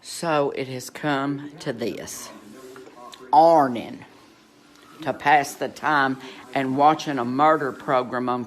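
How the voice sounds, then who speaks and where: Animated Southern man, slow drawl. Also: medium pitch. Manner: animated, exclaiming, chatty storyteller. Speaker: social media personality. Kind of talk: casual monologue to phone camera.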